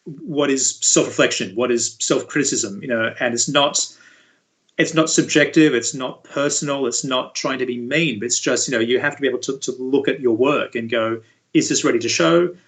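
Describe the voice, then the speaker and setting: A man speaking as an interview guest, a university VFX lead explaining things in a relaxed, conversational way. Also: medium pitch, normal speed, poor audio. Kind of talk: casual interview chat.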